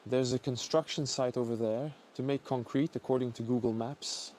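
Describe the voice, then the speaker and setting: A man narrating an exploration vlog as he guides viewers around, talking in an excitable, exclamatory way. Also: medium pitch, moderate pace. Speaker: urban explorer vlogger.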